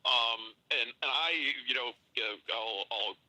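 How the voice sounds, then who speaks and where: Male caller, stammering and halting, sharp bright tone. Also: medium pitch, poor audio. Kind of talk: call-in conversation.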